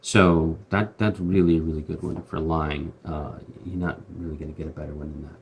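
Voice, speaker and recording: A man's voice: a bass voice, fairly even intonation, fairly quick, vocal fry, slight background noise. A man hosting a casual Bible commentary, talking in a chatty, slangy way with lots of fillers and restarts. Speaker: host.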